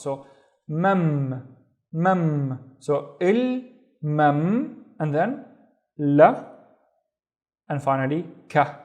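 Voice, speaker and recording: A man teaching a beginner reading lesson, sounding out syllables slowly and patiently and repeating each word. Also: on the high side. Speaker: language teacher.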